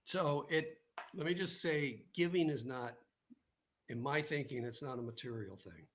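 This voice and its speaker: A man speaking as a guest on a live online broadcast, unhurried and conversational as he works through his anecdotes. He often tags his points with a quick "right?" to draw the listener in, and his voice sits in an ordinary middle register. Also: mid-range voice. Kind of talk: casual storytelling in conversation.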